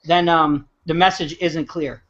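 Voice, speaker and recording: A man's voice: on the high side, fairly even intonation, unhurried, a bit bright. A man hosting a casual group video chat, agreeable and encouraging toward his co-hosts. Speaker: host. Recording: dull lo-fi video call audio.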